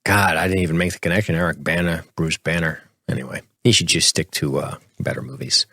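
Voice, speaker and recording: A man with a very low, deep voice talks casually through scenes as a podcast co-host. The sound is dry and close, with no room echo. He keeps an easy, chatty flow. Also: brisk. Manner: recaps scenes in a relaxed, chatty way.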